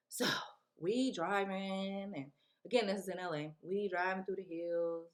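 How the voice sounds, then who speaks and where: A young woman vlogging, telling a story in a casual, slangy, animated way and acting out what people said. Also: lowish voice, moderate pace. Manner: animated, slangy, acts out quotes.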